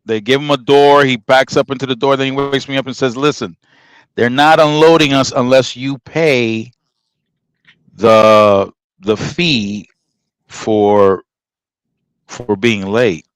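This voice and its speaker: A man's voice: mid-range voice, fairly even intonation, takes it slowly, long pauses, smooth, dry recording, low-quality recording. A middle-aged man casually telling a story, emphatic and acting out the dialogue as he goes. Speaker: podcast host telling a trucking story.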